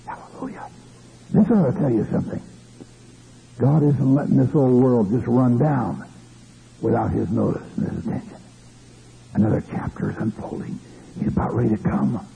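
A man's voice: mid-range voice, animated, moderate pace, creaky, long pauses, dark tone, slight background noise. A man preaching a fervent sermon, stopping often for hallelujahs and restarting his phrases. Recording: tinny lo-fi old recording.

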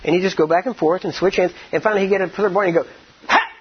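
A man preaching a sermon, rambling with many "I mean" and "you know", acting out quoted speech and slowing down to stress scripture. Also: high voice, fairly even intonation, husky. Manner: slows down and stresses words when teaching scripture. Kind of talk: sermon with storytelling. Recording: dull lo-fi recording.

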